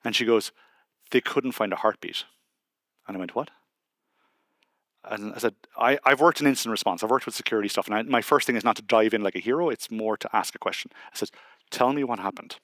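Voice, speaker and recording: A man's voice: on the low side, quick pace, no echo. An Irish man speaking at a conference, telling a personal story in a chatty, conversational way and quoting people as he goes. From Ireland. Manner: conversational, quotes people in lively asides. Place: conference hall stage.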